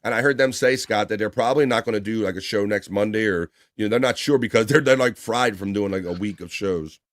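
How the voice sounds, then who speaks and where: A man hosting a casual livestream, reading viewer chat shout-outs aloud with laughs and loose swearing. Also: on the low side, fast, no echo, clean studio sound.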